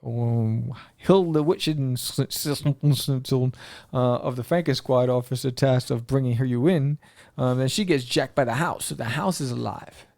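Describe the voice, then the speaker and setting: A man hosting a podcast, rambling excitedly through a comic book review with lots of fillers. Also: mid-range voice, measured pace, gravelly, no echo, clean studio sound.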